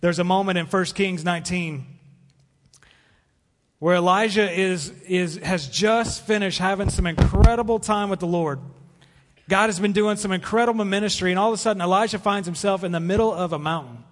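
A man preaches in an earnest, paused way. His voice sits fairly high for a man. The sound carries the long reverb of a church sanctuary. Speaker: pastor. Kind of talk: sermon.

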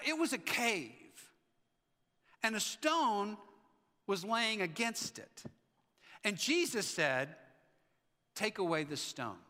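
High-voiced preacher in a reverberant hall. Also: male voice. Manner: animated, acts out the Bible figures' lines. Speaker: pastor. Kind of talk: sermon. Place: church sanctuary.

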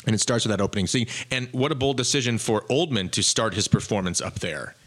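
A man's voice: on the low side, fast talker, a bit bright. A man co-hosting a casual film debate, enthusiastic and prone to restarts, laughing easily. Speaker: movie podcast co-host.

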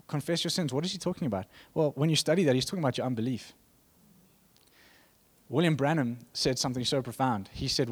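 A man's voice: mid-range voice, husky. Man preaching a loose, rambling sermon. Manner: conversational, rambling with restarts and asides.

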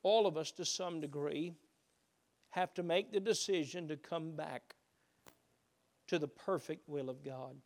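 A man preaching a sermon, shifting between loud emphatic peaks and hushed low passages. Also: a little slow, long pauses. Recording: reverberant hall.

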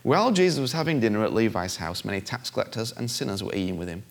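A man preaching a sermon in a conversational, animated way, acting out voices with big jumps in pitch. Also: fast, vocal fry.

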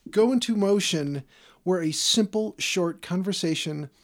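A man's voice: high voice, measured pace. A man co-hosting a podcast, chatting casually, teasing and laughing often. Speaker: podcast co-host. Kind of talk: casual chat.

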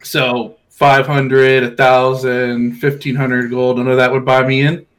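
A man taking his turn in a casual tabletop game. He talks plainly and dryly, planning moves with a middle-pitched voice. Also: flat delivery, unhurried, fairly bright tone. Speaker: player.

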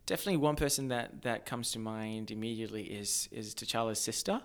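A man talking about film in a casual podcast chat, animated and rambling, often restarting his sentences. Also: lowish voice, brisk, clear, resonant tone.

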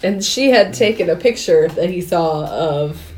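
A woman's voice: on the low side, animated, unhurried, a little mellow, far from the mic. A woman co-hosting a movie podcast, chiming in with quotes from scenes and laughing often. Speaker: podcast co-host. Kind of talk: casual movie chat. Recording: echoey, off-mic.

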